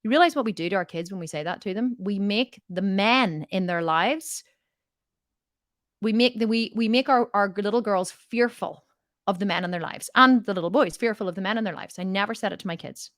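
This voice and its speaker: A woman's voice: medium pitch, fairly quick, fairly bright tone, dry recording, clean studio sound. A middle-aged woman giving motivational coaching in a question-and-answer talk, emphatic and repeating her points for weight. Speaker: fitness and mindset coach.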